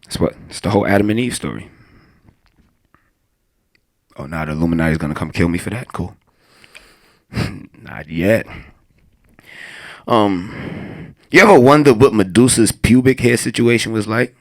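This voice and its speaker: A young stand-up comedian performs his set in a deep, low, gravelly voice at a normal speed, leaving long pauses. His material is crude and rambling, and he frequently laughs at his own jokes.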